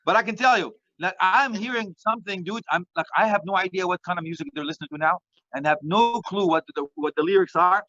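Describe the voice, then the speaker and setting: A middle-aged man giving a lively sermon, joking and dropping in phrases. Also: sits high, fast, no echo, lo-fi sound. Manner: animated, joking, mixes Arabic phrases. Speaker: Islamic preacher.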